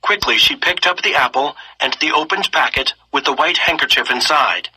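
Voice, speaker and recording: Bright, husky man reading a story. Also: on the high side, normal speed, poor audio. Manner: expressive reading, slipping into character voices. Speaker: story reader. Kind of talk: reading a story aloud with lesson questions.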